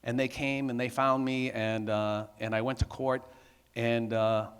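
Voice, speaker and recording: A man's voice: medium pitch, level tone, a little slow, clear, resonant tone, big-room sound. Man, middle-aged, testimony talk, candid, conversational. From Massachusetts. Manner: candid, conversational, lots of "right?" asides. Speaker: speaker at a men's conference.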